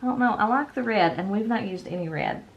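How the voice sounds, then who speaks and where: A planner vlogger in her thirties chats casually while decorating a planner, rambling with lots of ums and self-corrections; she's a bit tired and yawning. Her mid-range voice is animated and fairly quick, with vocal fry, on lo-fi audio.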